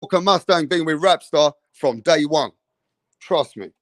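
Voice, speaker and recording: Man, boxing stream host, casual and profane, shout-outs to chat, higher pitch, dry close sound. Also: lively intonation, a little slow, no echo. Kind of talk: casual livestream chat reading comments.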